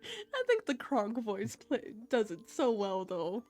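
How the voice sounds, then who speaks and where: Playful woman streamer, bright pitch. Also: sing-song, slow, faint music behind. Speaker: streamer voicing a game. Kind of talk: casual live-stream chat.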